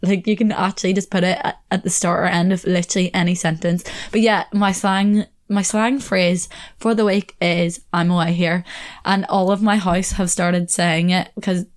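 A young woman with an Irish accent, hosting a casual solo podcast, chatty and quick to laugh, with lots of "like" fillers. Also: on the low side, flat delivery. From Ireland. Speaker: podcast host.

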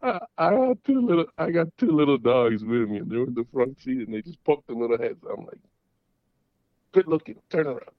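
A middle-aged man phones in and tells a long story in a rambling, halting way, tripping over restarts and fillers. His voice comes through a dull, lo-fi call line. The sound is dry and close, with no room around it. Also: mid-range voice, lively intonation, no room sound. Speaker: caller. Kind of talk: casual storytelling.

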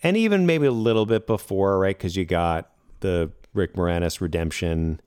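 Casual podcast co-host, male, very low voice, rambling and jokey delivery with the odd curse. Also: normal speed, darkish tone, smooth, no room sound, studio quality. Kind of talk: casual film chat.

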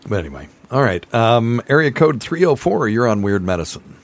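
A man hosting a call-in radio show, chatting casually with callers and laughing easily, with a softened Appalachian accent. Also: medium pitch, very animated, a little fast. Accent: Appalachian, mostly softened. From Appalachian mountains, USA. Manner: laid-back, laughs often, chatty.

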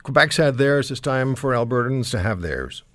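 A male talk show host thinks aloud in a conversational manner. His voice sits at a middling pitch. The recording is dry and close, with no room echo. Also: animated, normal speed, a bit bright.

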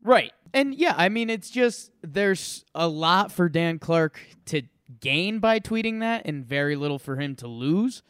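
A man's voice: on the high side, expressive, a little slow, hardly any pauses, a bit bright, clean tone, no echo, clean studio sound. A man co-hosting a podcast, chatting casually and chiming in with short agreeing replies. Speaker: podcast co-host.

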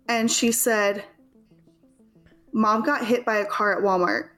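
A woman's voice: medium pitch, steady tone, a bit bright. Young woman telling a personal story. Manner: casual, halting, many fillers. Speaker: interview guest.

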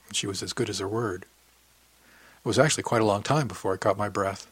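A man's voice: lowish voice, fast talker, husky, no echo. A man reading a first-person audiobook in a wry, intimate storytelling manner. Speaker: audiobook narrator.

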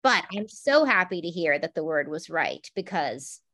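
A woman co-hosting a podcast, talking in a warm, encouraging way and reflecting back what her friend says. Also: deep voice, very animated, moderate pace. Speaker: podcast co-host. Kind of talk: supportive casual chat.

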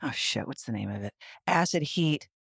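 A man's voice: mid-range voice, expressive, moderate pace, vocal fry, fairly bright tone, breathy edge, no room sound. Playful man chatting on a dry mic. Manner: playful, rambling, teasing. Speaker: podcast co-host. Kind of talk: casual chat.

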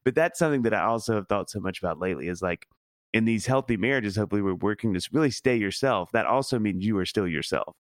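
A man in his thirties co-hosts a casual podcast and tells stories quickly and with animation. His voice is on the low side. The sound is dry and close. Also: dry recording. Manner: rapid, animated storytelling with laughs. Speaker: podcast co-host.

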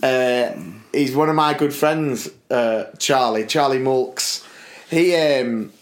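A British man co-hosting a casual podcast, a teacher telling school stories with animated delivery and acted-out voices. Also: medium pitch, takes it slowly. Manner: animated storytelling, acts out voices. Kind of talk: casual chat.

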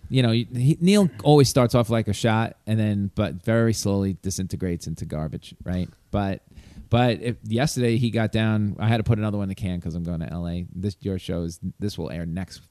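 A man with a lowish voice runs a trivia quiz in easy, joking conversation. He teases the contestants and fires off questions, and the sound is close and dry with no room around it. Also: dark tone, dry recording. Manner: joking, teasing, quick asides. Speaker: podcast host running a quiz. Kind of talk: casual chat.

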